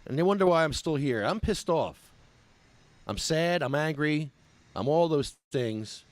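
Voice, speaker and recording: Man, activist, sarcastic rant, lively swooping pitch, phone livestream outdoors. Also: unhurried, no echo. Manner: exasperated, ranting, sarcastic. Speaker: cannabis patient activist.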